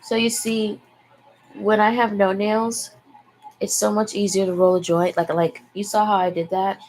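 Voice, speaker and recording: A woman's voice: medium pitch, little pitch movement, normal speed, darkish tone, low-quality recording. A young woman vlogger chatting in a frank, rambling way, sighing and swearing freely. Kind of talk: casual rambling chat. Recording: faint background noise.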